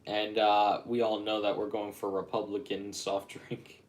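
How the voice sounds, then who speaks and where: A man's voice: on the low side, monotone, a little slow. A man rambling casually on a livestream, chatting and reacting to viewer comments. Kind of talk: casual live-stream chat.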